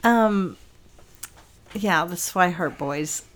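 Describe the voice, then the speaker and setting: Slow, reflective older woman. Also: on the low side, lively intonation. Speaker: podcast guest. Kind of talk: casual interview.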